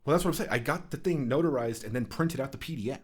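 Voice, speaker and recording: A man's voice: mid-range voice, fast talker, husky. A young man on a podcast, ranting in casual chat with a lot of swearing and exasperation. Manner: ranting, profane, exasperated storytelling. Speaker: podcast co-host.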